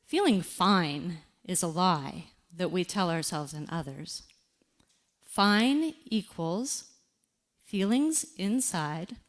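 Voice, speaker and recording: A woman giving a motivational talk about grief, speaking with slow, deliberate emphasis and reflective pauses. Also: mid-range voice.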